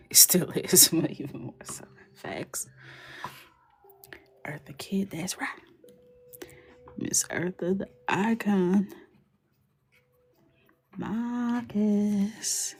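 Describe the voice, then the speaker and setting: Woman, young adult, livestream coloring host; slow, lowish, chatty and teasing, often murmuring under her breath. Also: husky, whispered. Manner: chatty and joking, often drops to a soft murmur. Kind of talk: casual chat while coloring.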